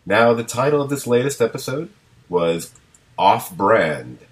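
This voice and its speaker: A man's voice: medium pitch, lively intonation, unhurried, music in the background. A man hosting a podcast in casual chat, talking loosely with frequent laughs and restarts. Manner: chatty, laughs often, trails into restarts. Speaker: podcast host.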